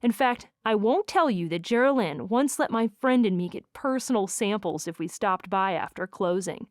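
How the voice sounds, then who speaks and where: A woman's voice: mid-range voice, expressive, normal speed, no room sound, studio quality, natural voice. A woman doing a charming young country star. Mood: easygoing.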